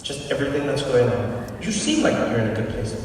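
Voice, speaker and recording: A man's voice: medium pitch, huge pitch swings, fairly quick, background noise. A South African man doing stand-up crowd work on a large theater stage, playfully teasing and questioning audience members. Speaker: stand-up comedian. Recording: echoey theater recording from a distance with loud crowd laughter.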